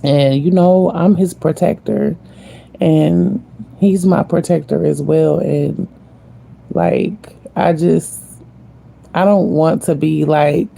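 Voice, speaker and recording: Her voice is low-pitched and mellow with vocal fry, moving slowly in a fairly even tone. As a vlogger, she speaks to viewers directly in a casual, heartfelt way, slangy and spiritual, emphatically repeating herself.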